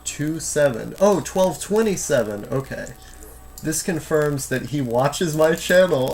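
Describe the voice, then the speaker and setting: A man's voice: a little high, expressive, measured pace, darkish tone, husky. A man in his twenties chatting casually on a live stream from home, reading chat aloud and rambling with lots of fillers and restarts. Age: 20s.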